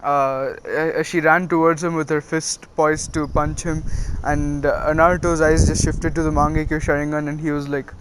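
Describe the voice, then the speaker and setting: A man's voice: a little high, flat delivery, normal speed, background noise. A man casually retelling a fan-fiction story, full of "uh" fillers and "he was like.".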